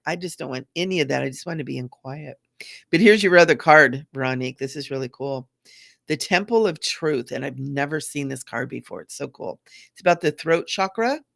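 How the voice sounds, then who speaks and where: Woman, middle-aged, psychic medium, chatty and repetitive, gravelly fry, dry recording. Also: low-pitched, no echo. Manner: chatty, repeats phrases, gentle encouraging tone. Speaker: psychic medium doing live readings. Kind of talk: casual live-stream reading.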